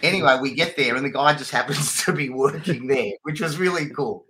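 A man's voice: medium pitch, fairly quick, bright, forceful tone. A man, a podcast co-host telling stories casually, laughing and swearing freely. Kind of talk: casual chat.

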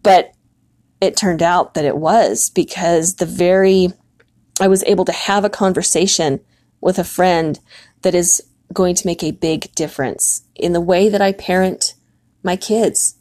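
A woman's voice: on the low side, darkish tone. Earnest woman podcast host. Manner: earnest, reflective storytelling with frequent fillers. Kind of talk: faith-based podcast monologue.

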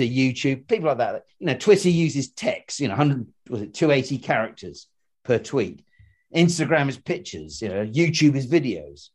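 A man co-hosts a casual podcast, talking in rambling sentences packed with restarts and fillers. He has a medium-pitched voice with a darkish tone.

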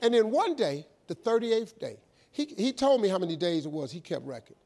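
A man telling a motivational life story, animated and emphatic, acting out both sides of phone calls. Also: high voice, brisk.

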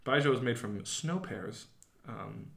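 A man's voice: mid-range voice, animated, unhurried, creaky, a bit bright, reverberant. A man co-hosting a podcast, chatting enthusiastically and teasing his friend. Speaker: podcast co-host. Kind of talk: casual chat.

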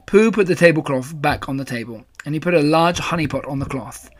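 A man narrating a children's storybook with calm, even storytelling. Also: a little high, brisk, hardly any pauses, breathy edge.

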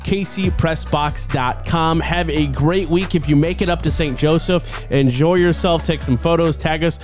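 Man, podcast host, upbeat sign-off, slightly high voice, faint music bed. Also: normal speed. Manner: upbeat show-closing plugs. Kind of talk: casual sports podcast hosting.

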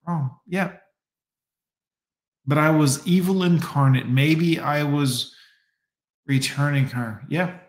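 A man rants slowly and emphatically, swearing freely as he works through a grievance. His voice sits a bit high for a man, and the room around him rings with echo. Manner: profane, ranting, slow and emphatic. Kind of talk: casual monologue.

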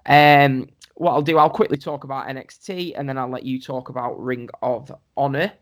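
A man's voice: medium pitch, steady tone, moderate pace. Chatty man steering a podcast. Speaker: podcast co-host. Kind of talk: casual chat.

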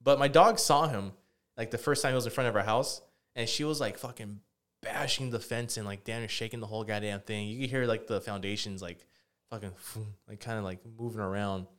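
A man's voice: fairly low pitch, fairly even intonation, fairly quick, a bit bright. A man co-hosting a podcast, telling a rambling story in casual chat with lots of fillers and swearing. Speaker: podcast co-host.

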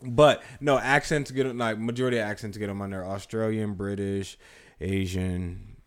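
A man co-hosting a casual podcast chat, animated and swearing, laughing often. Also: on the low side, normal speed. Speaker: podcast co-host.

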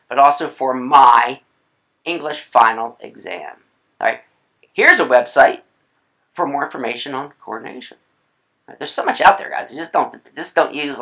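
With a medium-pitched, creaky voice and a sharp tone, a writing instructor gives a recorded video lecture. The talk is chatty, full of playful asides and fast self-corrections.

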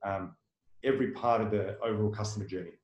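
Man, fairly low voice, rapid rambling talk, fillers, echoey room. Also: fairly even intonation, darkish tone, highs cut off. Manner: fast, rambling, many fillers and restarts, tags "right?". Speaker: marketing agency owner, guest. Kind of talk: casual interview talk.

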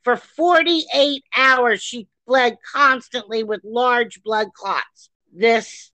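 Woman podcast co-host, angry swearing rant, bright sharp voice, dry close sound. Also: on the high side, very slow, no room sound, low-quality recording. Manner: furious, swearing, shouting rants; reads a news article aloud.

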